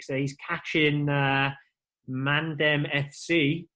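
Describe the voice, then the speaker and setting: A man's voice: a little high, a bit bright. A man hosting a casual football podcast, jokey and upbeat as he reads out league standings. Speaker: podcast host.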